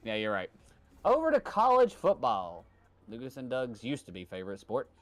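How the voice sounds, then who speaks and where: A man's voice: medium pitch, huge pitch swings, normal speed. A man hosting a trivia stream in casual, joking chat, telling stories and slipping into playful put-on accents. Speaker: trivia host.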